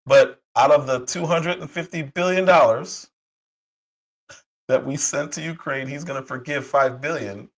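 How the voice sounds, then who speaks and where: A man hosting a political commentary livestream, hoarse from a cold, talking heatedly with rhetorical questions and frequent restarts. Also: medium pitch, unhurried, poor audio. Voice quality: husky. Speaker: livestream host.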